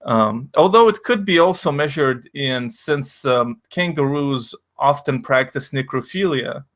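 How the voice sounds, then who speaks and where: A man's voice: mid-range voice, expressive, measured pace, a bit bright. A man whose first language is Russian, hosting a stream in a rambling, profane, jokey way. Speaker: stream host. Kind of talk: casual stream chat.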